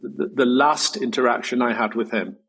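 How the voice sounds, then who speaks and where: Middle-aged male guest, breathy edge, earnest reflective storyteller, swears casually. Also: mid-range voice, steady tone, normal speed, a bit bright, rough recording. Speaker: guest, designer. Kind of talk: candid personal storytelling in interview.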